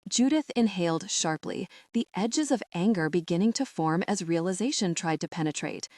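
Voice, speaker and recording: A woman reads novel narration at a steady, even pace. Her voice sits fairly low, and the recording is dry and close, with no room sound. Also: normal speed, dry recording. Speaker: audiobook narrator. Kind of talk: scripted audiobook narration.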